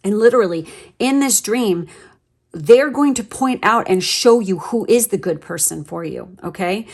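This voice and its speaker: A woman's voice: medium pitch, lively intonation, normal speed, creaky, darkish tone, breathy edge. Casting a woman tarot reader: casual, profane, rambling, full of fillers, with a middle-range voice. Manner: blunt, swears a lot, rambling with many fillers. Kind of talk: casual pick-a-card tarot reading.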